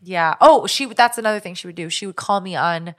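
A woman's voice: fairly low pitch, a little fast. Chatty young woman telling a story. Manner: chatty storyteller, animated retelling. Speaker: podcast host. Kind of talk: casual chat.

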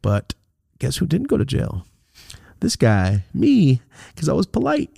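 A man in his thirties hosts a podcast, casually relating a story peppered with swearing and animated impressions that jump widely in pitch. His voice is gravelly with a breathy edge, his pace measured, and the recording dry and studio-clean.

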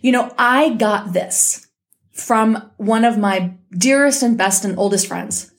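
A woman's voice: fairly high pitch, slow. A woman hosting her own podcast from home, talking in a blunt, heated and profane way, still recovering from an illness. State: recovering from illness, may cough. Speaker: podcast host. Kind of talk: casual solo podcast monologue.

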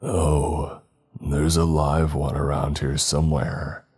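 A man voicing a pale, ageless creature that eats souls, with a rasping, insidious, coaxing voice. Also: very deep voice, level tone, slow pace, a little mellow, exaggerated voice. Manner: coaxing, gloating. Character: pale, stretched, soul-eating creature, ageless and sexless.

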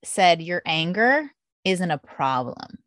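A middle-aged woman with a slightly low voice tells lively stories in a relaxed interview. She slips into quoting her own past thoughts. The sound is dry and close to the mic. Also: takes it slowly, no echo. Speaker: podcast host appearing as guest. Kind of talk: candid conversational interview.

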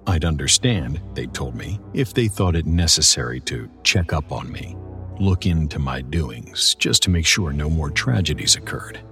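A man with a very deep, low voice narrates a first-person horror story. His delivery is dramatic and measured, with soft music playing faintly under him. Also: expressive.

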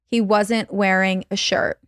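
A woman reading a listener's scary story aloud on a video call, slow and dramatic. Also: mid-range voice, level tone, clear, resonant tone, dry recording, studio quality. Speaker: podcast guest telling a scary story.

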